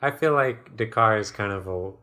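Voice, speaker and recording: A man's voice: fairly low pitch, normal speed, bright, forceful tone. A man co-hosting a podcast, chatting casually with laid-back, dry remarks. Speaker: podcast co-host. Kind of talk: casual chat.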